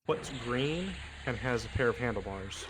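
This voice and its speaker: A man streaming an online game, chatting casually and telling a long joke with many pauses and fillers. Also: mid-range voice, expressive, noisy background. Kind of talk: casual gaming chat.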